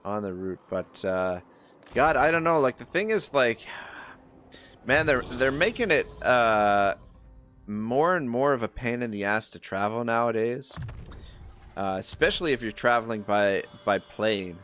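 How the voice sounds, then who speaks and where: A man's voice: mid-range voice, lively intonation, measured pace, fairly bright tone, slight background noise. A man from Nova Scotia with a Canadian accent, chatting rambly through a live game stream and reading chat messages aloud. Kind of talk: casual live-stream gameplay commentary. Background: faint game music.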